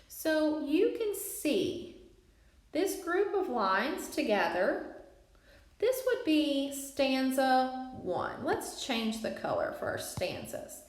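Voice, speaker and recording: A woman teacher giving a recorded lesson, speaking clearly and putting stress on syllables. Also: a little high. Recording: echoey room.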